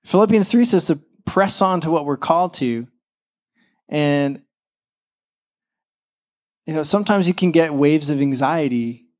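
A young man preaches in a loose, conversational way, stumbling over fillers and slipping into quick impressions of the people he quotes. His voice sits a little higher than most men's. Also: expressive, a little mellow. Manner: casual, chatty preaching with many fillers and acted-out quotes. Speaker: pastor. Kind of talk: sermon.

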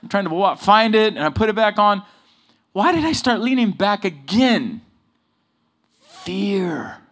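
Male preacher, somewhat high voice, animated storytelling sermon with punchy emphasis. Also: a little slow. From Southern California. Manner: animated, swings from loud emphasis to low asides. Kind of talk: sermon with personal stories.

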